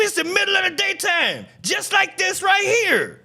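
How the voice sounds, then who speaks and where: A man hosting a live stream, telling a story in an animated, profane way and often shouting. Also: very high-pitched, normal speed, creaky. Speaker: streamer host. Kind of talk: casual live-stream commentary.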